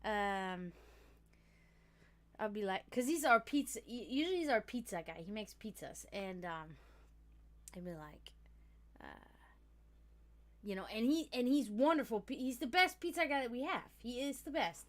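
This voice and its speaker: Chatty, foul-mouthed woman streamer, slightly high voice. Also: lively intonation, moderate pace, pauses often. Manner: chatty, profane, laughs often. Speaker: livestream host. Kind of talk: casual rambling chat.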